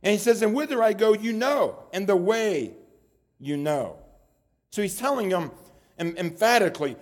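High pitched guy preaching, earnest, keeps restarting his words. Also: animated, moderate pace. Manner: earnest, repeats words while building points. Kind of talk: sermon.

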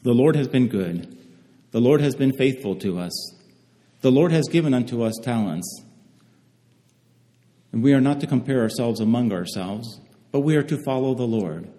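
A man delivering a sermon in a mellow, dark-toned voice, reading scripture slowly with careful emphasis. He often pauses and restarts his phrases. His voice rings with a long hall reverb. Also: mid-range voice, lively intonation. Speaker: preacher.

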